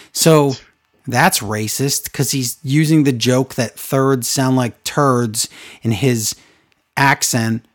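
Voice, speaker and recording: A man co-hosting a casual podcast chat, ranting with sarcastic exasperation. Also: mid-range voice. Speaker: podcast co-host recapping wrestling.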